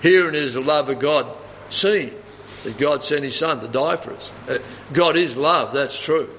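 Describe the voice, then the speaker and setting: Preacher, male, slightly high voice, emphatic sermon delivery, long hall echo. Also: normal speed, fairly bright tone, a little hiss or hum. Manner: emphatic, repeats phrases for stress. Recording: dull audio with long reverb in a hall.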